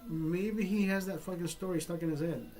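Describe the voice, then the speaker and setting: A man's voice: high voice, moderate pace, warm tone, faint music behind. A man telling a personal story in a casual vlog, rambling and swearing freely with frequent restarts. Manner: profane, rambling, self-interrupting. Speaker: vlogger.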